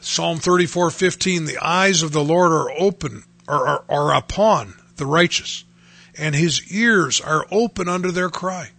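A man's voice: fairly high pitch, measured pace, a bit bright. A middle-aged man preaching on a radio show, earnestly quoting scripture in old-fashioned wording. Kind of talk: radio sermon.

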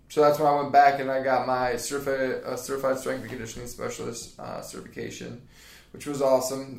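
A personal trainer in his thirties from Indiana chats as a podcast guest, rambling and laid-back with lots of fillers in a casual interview. His mid-range voice carries vocal fry, and the sound is roomy.

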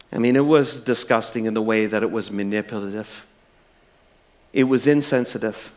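A pastor with a medium-pitched voice preaches a sermon, swinging between emphatic, raised lines and soft, drawn-out words before leading a prayer.

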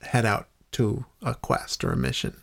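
A man co-hosting a gaming podcast, chatting casually in a loose, halting way with restarts. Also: fairly low pitch, huge pitch swings, vocal fry, slightly rough. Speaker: podcast co-host.

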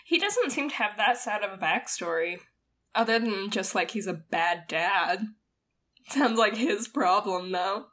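A woman's voice: medium pitch, lively intonation, a little slow, pushed and bright. A woman co-hosting a podcast, giving frank, wry opinions in casual chat. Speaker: podcast co-host.

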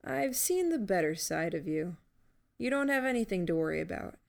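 A woman voicing a badly injured young man who speaks softly and gently teases. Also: mid-range voice, animated, moderate pace, vocal fry. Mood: gentle. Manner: soft, weak, gentle.

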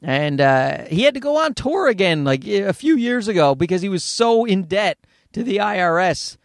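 A man's voice: high voice, sing-song, moderate pace, vocal fry, no echo, clean studio sound. A man hosting a solo podcast, ranting in a rambling, profane, sarcastic way. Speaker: podcast host.

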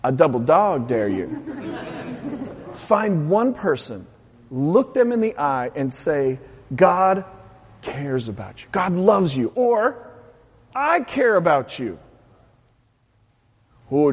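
A man with a high, slightly husky voice delivers a sermon with real passion, his pitch leaping as he urges the congregation on. The sound carries a long reverb, like a church hall. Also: slow pace. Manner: animated, impassioned preaching, then soft prayer. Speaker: pastor.

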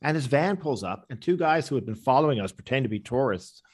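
A man's voice: medium pitch, expressive, fast, breathy edge. Rambling man telling stories. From Canada. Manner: rambling storyteller, acts out quoted people. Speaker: interview guest, comedian. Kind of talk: anecdotal interview answers.

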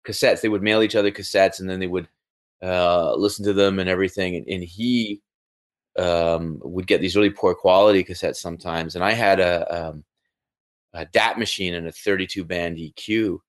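Deep-voiced man telling an old story. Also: moderate pace. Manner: animated storyteller, repeats words. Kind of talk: casual chat.

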